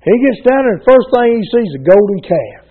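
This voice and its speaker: A preacher with a high voice delivers a folksy, fervent sermon to his church, with loose colloquial grammar and "Amen" calls. The recording is dull and lo-fi. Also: big pitch swings, fast. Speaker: pastor.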